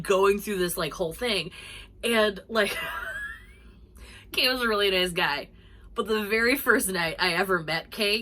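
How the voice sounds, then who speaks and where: A young woman spins a rambling, funny story for her followers, chatty and full of "like" and "you know." Her voice sits on the lower side for a woman but comes across bright and forward. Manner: chatty, animated, laughing storyteller with many fillers. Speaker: vlogger. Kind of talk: casual storytelling.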